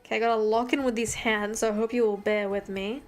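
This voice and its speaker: A young woman with an Australian accent and a slightly high voice chats on her live drawing stream. She swears often and mutters to herself as she works. Faint music plays in the background. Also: steady tone, quick pace. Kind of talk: casual live-stream chat while drawing.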